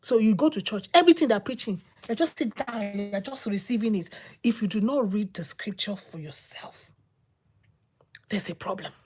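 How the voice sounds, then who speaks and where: A woman giving a personal testimony as a sermon, telling her story with repetition and dramatic pauses. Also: mid-range voice, expressive, a little mellow, slight background noise. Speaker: preacher.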